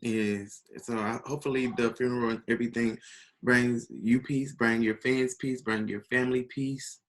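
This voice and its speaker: A man interviewing a guest in a gentle, soft-spoken and supportive way. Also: medium pitch, steady tone, normal speed, low-quality recording. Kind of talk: casual interview.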